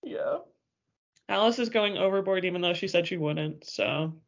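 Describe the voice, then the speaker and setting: A woman's voice: lowish voice, moderate pace, creaky, dull audio. A woman co-hosting a podcast in casual chat, wry and teasing, laughing often. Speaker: podcast co-host.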